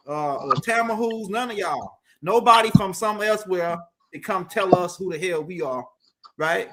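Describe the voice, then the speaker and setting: A man's voice: high-pitched, measured pace, background noise. A man hosting a livestream talk show, speaking bluntly and emphatically. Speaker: show host.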